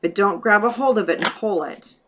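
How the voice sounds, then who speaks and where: A woman's voice: medium pitch, brisk, background noise. Chatty woman demonstrating a craft project. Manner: chatty, thinks aloud while working. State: hiccups. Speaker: craft tutorial host. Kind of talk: casual step-by-step craft demonstration.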